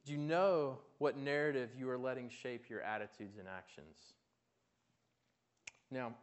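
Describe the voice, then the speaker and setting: A man's voice: mid-range voice, unhurried. A man preaching a sermon in a conversational way, asking his listeners questions and often restarting his words. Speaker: pastor.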